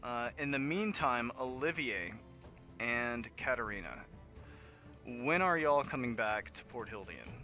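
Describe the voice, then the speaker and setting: Game master man, brisk questions, bright forceful voice, dull lo-fi recording. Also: mid-range voice, expressive, soft background music. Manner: brisk, asks players questions. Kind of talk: running a tabletop game. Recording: dull lo-fi audio.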